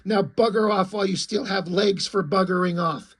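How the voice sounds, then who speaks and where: A man's voice: high voice, moderate pace, slightly rough. Man voicing a pompous talking magic shield. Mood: boastful. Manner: pompous, bloodthirsty taunting.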